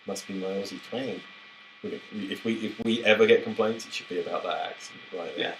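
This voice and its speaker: Very low male co-host, loose and jokey, trails off and restarts, casual podcast chat. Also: steady tone, brisk, a bit bright, slight background noise, low-quality recording. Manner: rambling, self-interrupting, jokey.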